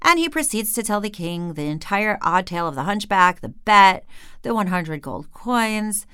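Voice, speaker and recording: A woman host telling a story in an animated, expressive way. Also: medium pitch, normal speed, clean tone, dry recording, studio quality.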